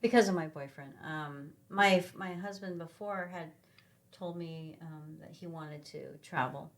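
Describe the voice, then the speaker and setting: A middle-aged woman from Sacramento, a podcast guest, telling rambling, animated travel stories in a casual chat with lots of ums. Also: deep voice, unhurried. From Sacramento, California. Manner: rambling, animated travel anecdotes with many fillers. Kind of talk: casual conversational storytelling.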